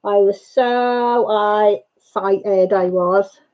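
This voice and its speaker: A woman hosting a casual chat livestream, excitable, laughing and greeting viewers by name. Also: medium pitch, drawn-out words. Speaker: livestream host. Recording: dull lo-fi livestream sound.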